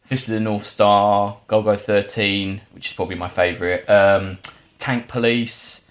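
A man's voice: lowish voice, flat delivery, unhurried. A man in his forties co-hosting a podcast, chatting easily and rambling through his memories. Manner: easygoing, rambling, lots of fillers. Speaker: podcast co-host. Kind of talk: casual chat.

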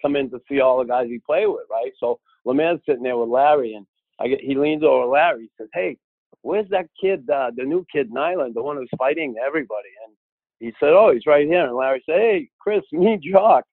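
A man telling a long casual anecdote, lively and acting out the voices of the people he quotes. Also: mid-range voice, fairly quick, no room sound. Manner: animated, acts out quoted voices. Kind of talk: casual storytelling. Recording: tinny phone-like audio.

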